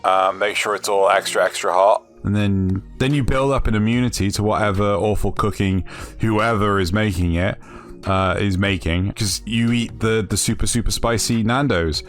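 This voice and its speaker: A man hosting a casual comedy chat about anime questions, joking and animated, often jumping into high silly voices. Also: moderate pace, faint music behind. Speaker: host answering anime questions. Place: online voice chat.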